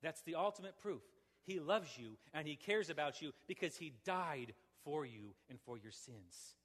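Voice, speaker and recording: Impassioned preacher in a reverberant hall. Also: male voice, fairly high pitch, animated, normal speed. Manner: swings from forceful preaching to soft pleading. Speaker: pastor. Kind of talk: sermon.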